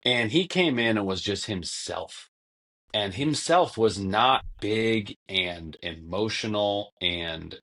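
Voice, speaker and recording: Low-voiced man telling long stories. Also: expressive, measured pace, fairly bright tone. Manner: long-winded storytelling, acts out quotes. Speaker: podcast guest, former basketball player. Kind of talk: casual conversation.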